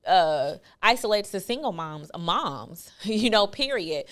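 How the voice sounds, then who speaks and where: A woman's voice: mid-range voice, sing-song, slow pace, fairly bright tone. A woman hosting a casual movie review chat, thoughtful and searching for her words. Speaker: podcast host.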